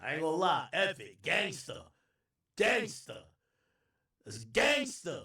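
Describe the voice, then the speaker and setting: A man's voice: high-pitched, slow pace, gravelly. A man hosting a livestream, giving loose, slangy reaction commentary. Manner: animated, slangy, loose rambling talk. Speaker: livestream host. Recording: echoey, distant room sound.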